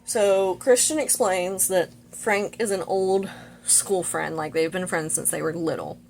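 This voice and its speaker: A woman's voice: fairly low pitch, measured pace, vocal fry, a little mellow, slight background noise. A woman vlogger casually retelling a film's plot while getting ready, chatty and full of "like" and "you know". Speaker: vlogger reviewing a movie.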